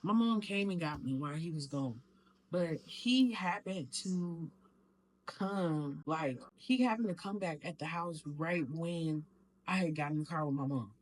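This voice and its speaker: A woman's voice: low voice, measured pace, a little mellow, poor audio. A woman vlogger telling her own story in a raw, emotional and profane way, while making juice at home. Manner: raw, emotional, profane retelling, acts out quotes. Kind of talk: candid personal storytelling.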